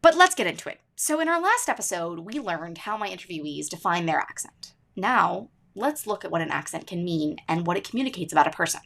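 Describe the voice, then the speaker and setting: A woman's voice: fairly low pitch, very animated, a little fast, vocal fry, few pauses, a bit bright. Playful self-mocking woman podcast host. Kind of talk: scripted podcast narration.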